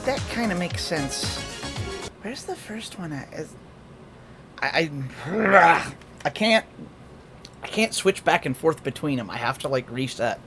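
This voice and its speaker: A man's voice: a little high, big pitch swings, unhurried, pauses often, over music. A man streaming, chatting casually and rambling a little as he tries out different voices on a desk mic. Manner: rambling, self-correcting, experimenting with voices.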